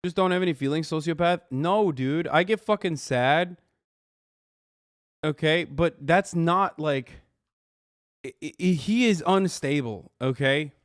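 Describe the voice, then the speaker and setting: Male streamer host, slightly high voice, dry close sound, swears a lot and sounds disbelieving. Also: slow, no echo. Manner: profane, incredulous, mocking. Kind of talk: reaction commentary.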